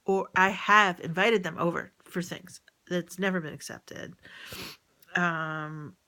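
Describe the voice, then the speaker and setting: A woman rambling and venting in a personal audio diary, often halting and trailing off mid-thought. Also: on the low side, steady tone, bright, forceful tone. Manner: venting about a relative.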